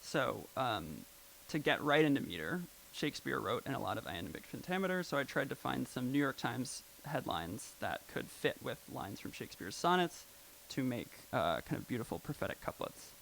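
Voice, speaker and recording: A man's voice: mid-range voice, big pitch swings, normal speed, gravelly, a bit bright, a little hiss or hum, low-quality recording. A man giving a casual live talk at a poetry and technology evening, loose and chatty with many fillers. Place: live event venue.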